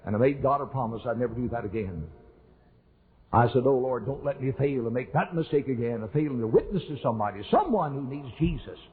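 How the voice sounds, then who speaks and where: Older preacher, husky and tinny. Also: male voice, mid-range voice, animated, quick pace. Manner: earnest, repetitive storytelling with rising emphasis. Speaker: pastor. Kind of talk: sermon storytelling. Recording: husky voice over a tinny, phone-like recording.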